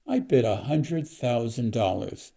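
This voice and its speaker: A man voicing an arrogant middle-aged bidder who speaks slowly and with contempt. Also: mid-range voice, expressive, creaky, warm tone. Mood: cold. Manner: slow, contemptuous, emphatic.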